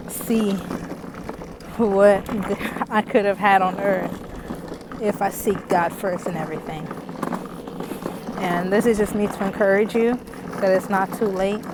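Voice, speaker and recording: A woman's voice: mid-range voice, background noise. A woman vlogger talking casually and earnestly to camera, out of breath, calling the viewer sis and girl. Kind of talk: casual faith talk to camera.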